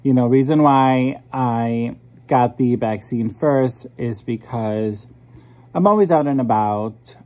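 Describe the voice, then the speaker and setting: Slow-talking male vlogger, swearing freely. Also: mid-range voice, mellow, no room sound. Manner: chatty, frustrated, heavy swearing. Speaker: vlogger and singer. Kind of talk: casual vlog talk to camera. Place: in a car on a drive.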